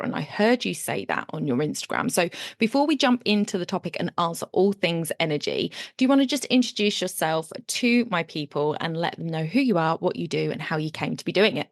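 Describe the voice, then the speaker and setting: A woman's voice: low-pitched, lively intonation, brisk, vocal fry, hardly any pauses, no room sound, studio quality. A woman hosting a podcast interview, talking in an enthusiastic, chatty way with some fillers. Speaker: podcast host.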